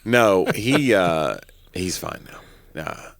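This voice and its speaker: A man co-hosting a podcast in casual chat, a little hoarse with a morning voice after covid, telling stories playfully. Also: deep voice, expressive, slow, fairly bright tone. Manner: playful, jokey storytelling. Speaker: podcast co-host.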